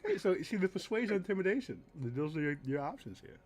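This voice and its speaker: A man running a tabletop game as game master, narrating in a relaxed, halting way. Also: high-pitched. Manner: relaxed, hesitant with fillers.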